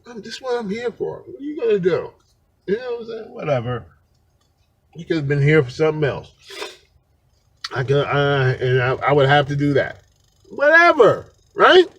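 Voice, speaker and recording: Male vlogger with a high, swooping voice, loose and talkative, quick to laugh. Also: breathy edge, no room sound. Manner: rambling, animated, laughs often, slangy. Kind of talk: casual unscripted monologue.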